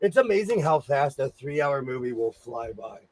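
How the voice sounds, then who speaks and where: A man's voice: mid-range voice, big pitch swings, normal speed, darkish tone. A man hosting a casual livestream from his home sewing room, chatting and cheerfully greeting viewers by name.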